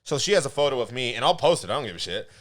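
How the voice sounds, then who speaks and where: A man's voice: medium pitch, rapid-fire. A man co-hosting a podcast, telling a funny story in casual chat and laughing often as he goes. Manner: laughs often while telling stories, animated. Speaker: podcast co-host.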